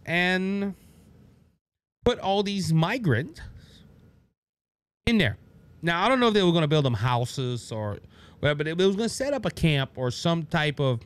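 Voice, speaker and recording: A man hosting a political talk show, delivering an animated commentary monologue and mocking the people he quotes. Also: mid-range voice. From Louisiana.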